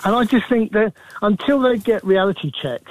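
Older male caller, fairly high voice, hesitant and halting, dry close sound. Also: animated, no room sound, poor audio. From England. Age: 60s. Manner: hesitant, with many fillers and restarts. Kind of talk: radio phone-in call.

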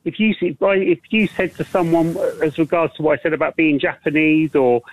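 A man from Wales calling in to a radio show, speaking haltingly with many restarts and fillers. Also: on the high side, fairly even intonation, dry recording. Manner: halting, repeats words, fillers. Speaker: caller. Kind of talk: phone-in call. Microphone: telephone. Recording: tinny dry phone line.

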